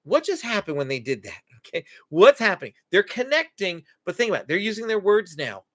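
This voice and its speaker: A man's voice: sits high, fairly quick. A man hosting a live stream as a Christian parenting coach, teaching earnestly and acting out what parents and children say. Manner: animated, acts out quoted parent and child lines; earnest, instructive.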